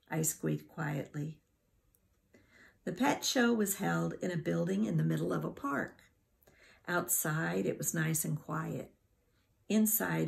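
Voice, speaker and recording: A woman teacher reading a children's storybook aloud in an unhurried, expressive way. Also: low-pitched, creaky.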